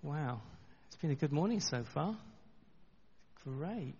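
Man, middle-aged, pastor giving a sermon; gravelly, earnest, chatty with restarts, reverberant church, dull lo-fi sound. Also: fairly high pitch, lively intonation, dark tone. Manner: earnest, conversational with halting restarts. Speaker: preacher.

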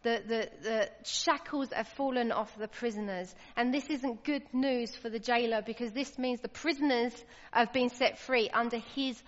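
A woman preaches an earnest, emphatic sermon, her voice climbing whenever she stresses a point. Her pitch is fairly high, her pace moderate with few pauses, and the lo-fi recording has long hall reverb.

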